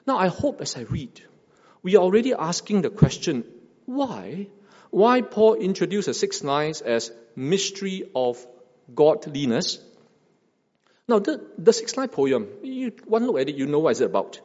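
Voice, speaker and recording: A man's voice: fairly high pitch, big pitch swings, moderate pace, a little mellow, in a large hall, dull audio. A man preaching a sermon, asking rhetorical questions and repeating phrases for emphasis. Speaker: pastor.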